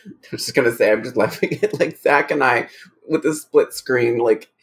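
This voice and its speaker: A man co-hosting a podcast, laughing through quick casual asides. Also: mid-range voice, a bit bright. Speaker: podcast co-host. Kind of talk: casual chat.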